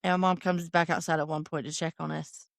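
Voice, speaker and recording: A woman co-hosting a podcast, telling a story in a casual, animated way and laughing often. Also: deep voice, quick pace, gravelly, no room sound, studio quality. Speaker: podcast co-host.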